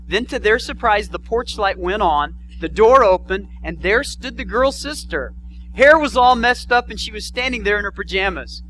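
A middle-aged man, a pastor, giving a sermon and telling a story with animated delivery. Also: high-pitched, moderate pace, a little hiss or hum, poor audio. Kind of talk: sermon with a told joke story.

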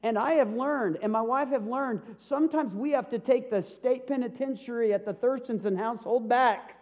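High-voiced man in his fifties preaching. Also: moderate pace. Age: 50s. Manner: animated, humorous preaching with rhetorical questions. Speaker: pastor. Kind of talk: sermon.

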